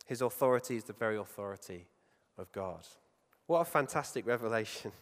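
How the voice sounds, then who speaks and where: A man preaching a sermon in a conversational way, often asking his listeners questions and dropping to a hush to stress key points. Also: on the low side, animated, a little fast. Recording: long reverb of a large hall.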